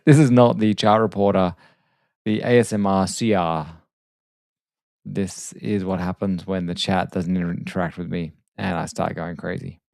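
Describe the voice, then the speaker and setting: Low gravelly-voiced man talking quietly. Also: steady tone, moderate pace, no room sound. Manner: quiet late-night talk, self-deprecating. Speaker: trading livestream host. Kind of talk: casual live trading commentary. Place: home desk at night. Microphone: desk microphone.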